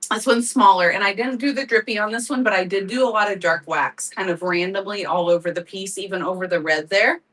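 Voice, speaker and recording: A woman's voice: medium pitch, brisk, hardly any pauses, fairly bright tone, distant mic, low-quality recording. A woman hosting a live craft sale, chatting casually, laughing often and thanking viewers by name. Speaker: live-selling crafts host. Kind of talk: casual livestream chat.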